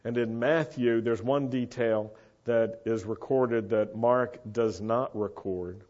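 An American man preaching a sermon, earnest and emphatic, slowing down to stress his key points. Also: medium pitch, fairly even intonation, a little mellow, highs cut off.

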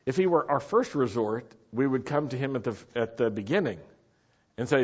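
A man preaching a sermon to a congregation, speaking in an animated way and sometimes rising to shouts for emphasis. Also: medium pitch, moderate pace, husky. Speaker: pastor. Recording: dull, lo-fi sermon recording.

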